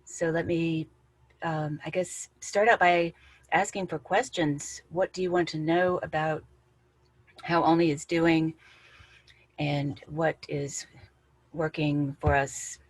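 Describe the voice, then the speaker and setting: Slow, low-voiced woman hosting a meeting. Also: steady tone, no room sound, rough recording. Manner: unhurried, organized, lightly dry humor. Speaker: school staff member hosting reunion. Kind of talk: meeting facilitation. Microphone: video call.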